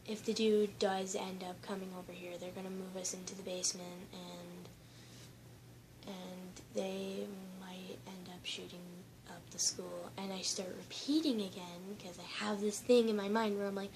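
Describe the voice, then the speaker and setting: A teenage girl shakily retelling a frightening school lockdown in a rambling personal vlog, at times quiet and at times loud. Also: medium pitch, little pitch movement, normal speed, noisy background. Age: teens. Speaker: student.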